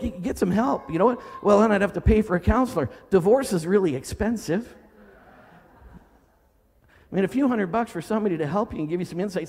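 High-voiced preacher in an echoing hall. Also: male voice, breathy edge. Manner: dramatic, swings from loud cries to low murmurs. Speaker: pastor. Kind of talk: sermon. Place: church hall.

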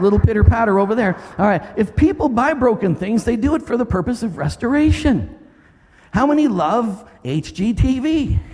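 A middle-aged male pastor preaching a sermon, telling a story with lively energy and breaking into loud commanding shouts. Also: high-pitched. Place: church sanctuary. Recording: long reverb of a large hall.

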